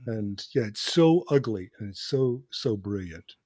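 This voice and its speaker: A man's voice: fairly low pitch, lively intonation, unhurried, dark tone, no room sound, studio quality. A man who teaches cinema, chatting on a podcast and telling film history like a lecturer, laughing between his points. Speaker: podcast co-host; cinema professor. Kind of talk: casual chat.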